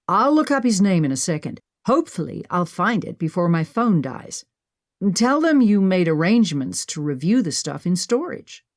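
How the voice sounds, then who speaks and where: A woman's voice: lowish voice, a little mellow, dry recording, studio quality. A woman narrator voicing a bold, pushy young woman who talks insistently. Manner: insistent, bossy.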